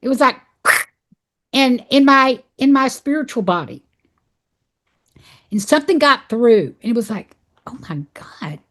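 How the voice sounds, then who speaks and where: Brief: woman guest, fairly high voice, heartfelt personal storytelling, loose and rambling. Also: expressive, a little slow, pauses often, a bit bright. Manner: earnest, heartfelt, many fillers and restarts. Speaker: podcast guest, animal sanctuary founder.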